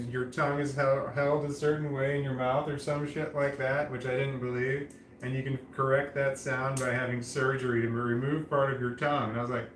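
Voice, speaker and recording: A man vlogging casually to camera, speaking in a flat, droning monotone with a slight lisp on his S sounds and frequent restarts. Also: mid-range voice, echoey room, slight background noise, low-quality recording.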